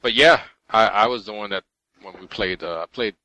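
Male podcast co-host, low but bright, animated storyteller who laughs a lot. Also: moderate pace, no echo, lo-fi sound. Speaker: podcast co-host reading listener mail. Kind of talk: casual gaming podcast chat.

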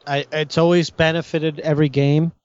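A man with a slightly raised pitch hosts a casual gaming podcast. He stumbles through restarts and keeps the talk loose. The audio sounds muffled and lo-fi. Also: little pitch movement, darkish tone, smooth, dry recording. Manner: halting, restarts often, laughs easily.

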